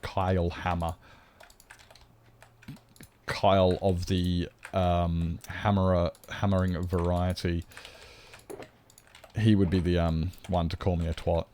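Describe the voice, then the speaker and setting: A man's voice: deep voice, little pitch movement, slow, long pauses, dark tone, slight background noise. An Australian man chatting bluntly and swearing to viewers during a casual live stream. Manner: blunt and sweary, rambling, chats to viewers while gaming.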